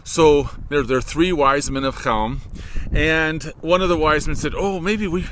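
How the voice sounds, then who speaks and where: With a fairly high, fairly bright voice and a slightly slow pace, a man with a Michigan accent chats casually as he walks across a frozen, snowy lake, rambling and correcting himself along the way. He's a vlogger who works at a high school, filming on a laptop he holds while walking. The low-quality recording has slight background noise.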